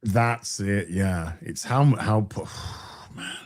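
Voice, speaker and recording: A man's voice: lowish voice, takes it slowly. A man hosting a casual podcast chat, rambling with restarts and chuckles. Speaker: podcast host.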